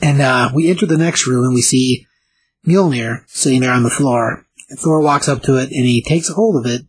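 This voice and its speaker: A man casually recapping a comic book issue, talking in a halting way with many filler pauses. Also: medium pitch, breathy edge, poor audio.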